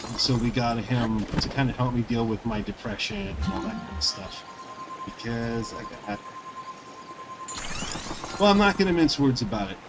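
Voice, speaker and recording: A man's voice: mid-range voice, rough recording. A man who streams games, chatting casually while he plays in a loose, rambling way with lots of fillers. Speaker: gaming streamer. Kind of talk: casual chat while playing.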